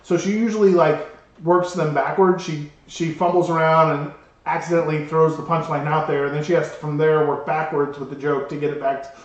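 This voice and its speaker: A man co-hosting a podcast, telling an embarrassing story in an animated way and laughing through it. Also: on the high side, a little fast, muffled recording. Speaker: podcast co-host. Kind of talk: casual storytelling chat. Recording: roomy, distant mic with background noise.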